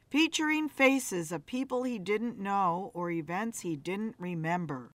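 Slow, expressive woman narrator. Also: medium pitch, no room sound. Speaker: story narrator. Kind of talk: scripted narration.

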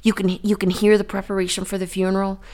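A woman's voice: mid-range voice, little pitch movement, fast talker, dark tone. A woman sharing her faith testimony in a vivid, dramatic way, repeating herself and building with rhetorical questions.

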